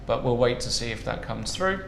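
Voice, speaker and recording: A man's voice: medium pitch, expressive, brisk, gravelly, a bit bright, slight background noise. Laughing male chess commentator, echoey room. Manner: jokey, laughs often, thinks aloud over moves.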